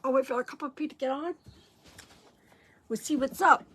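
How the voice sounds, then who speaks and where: A woman's voice: high-pitched, moderate pace, a bit bright, slight background noise. A middle-aged woman hosting a craft livestream, chatting casually with viewers and greeting them by name. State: out of breath. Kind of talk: casual live chat with viewers.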